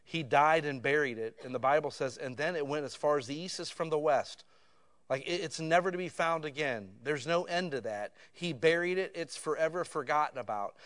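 A man preaching a sermon in a conversational, casual way that swells to loud emotional peaks. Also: a little high, a little fast.

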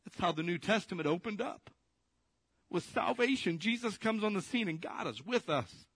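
A man delivers a sermon in a relaxed, direct manner, often putting questions to the people listening. His voice sits a bit high for a man. The recording is dry, with no room echo. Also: normal speed, breathy edge. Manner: casual, direct, asks the audience rhetorical questions. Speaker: preacher.

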